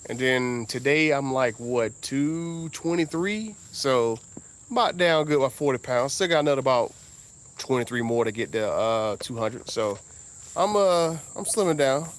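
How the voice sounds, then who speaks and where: Southern US man, mid-pitched, relaxed car-vlog chatter with bursts of excitement. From Southern United States. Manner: laid-back, drawn-out talk with sudden high exclamations. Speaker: car vlogger. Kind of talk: casual rambling monologue.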